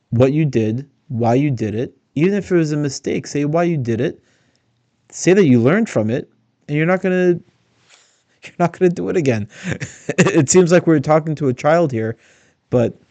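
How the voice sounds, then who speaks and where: A man's voice: medium pitch, dark tone, no room sound. A man giving blunt, critical casual commentary on interview clips. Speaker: political commentator.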